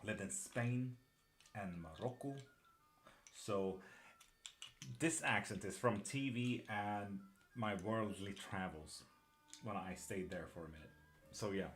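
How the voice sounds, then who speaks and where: A man's voice: fairly low pitch, slow pace, long pauses, fairly bright tone, soft background music. Chatty man with a mixed Irish-British accent. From Sweden. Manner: chatty, swears casually, laughs often, reads chat aloud. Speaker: tarot reader streaming live. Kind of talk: casual live-stream chat. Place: home streaming setup in England.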